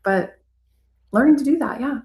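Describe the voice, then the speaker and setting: A woman therapist, a podcast guest, telling personal stories casually and lively. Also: high-pitched, moderate pace, roomy sound. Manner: storytelling, animated when quoting herself. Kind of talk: casual interview chat.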